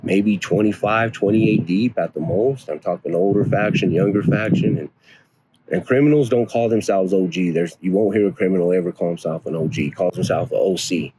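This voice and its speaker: A man in his forties from North Denver, telling rough stories from his past in casual, profane street slang. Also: sits low, brisk, dark tone, a little hiss or hum. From North Denver, USA. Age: 40s. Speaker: interviewee. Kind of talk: casual storytelling.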